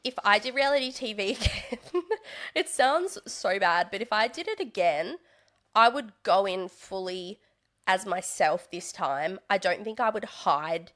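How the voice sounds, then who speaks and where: A young woman in casual interview chat, chatty and animated, slipping into exaggerated voices when she quotes people. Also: medium pitch, measured pace. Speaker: podcast guest, reality TV contestant and stand-up comedian.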